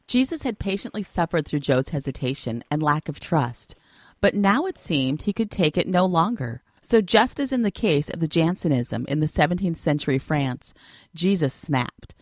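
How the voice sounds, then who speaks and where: A woman reads a devotional story in a low voice with wide, lively pitch movement. She shapes it as storytelling and turns to the listener with questions. The sound is dry and close. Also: normal speed, dry recording. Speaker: reader. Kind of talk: devotional narration.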